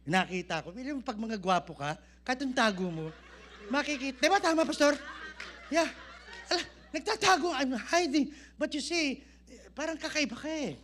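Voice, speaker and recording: A man with a Filipino accent preaching a sermon, telling an animated story and switching voices for the people he quotes. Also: very high voice, fast talker. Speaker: pastor.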